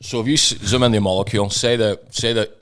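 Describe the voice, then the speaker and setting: A man's voice: lowish voice, fairly even intonation, fast talker, noisy background. A man, co-hosting a podcast and telling blunt, sweary stories in casual banter. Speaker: podcast co-host.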